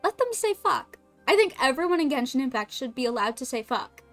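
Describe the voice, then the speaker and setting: A woman's voice: high-pitched, very animated, fairly quick, a bit bright, faint music behind. An American woman streaming a game, talking casually and animatedly, laughing and swearing freely. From United States.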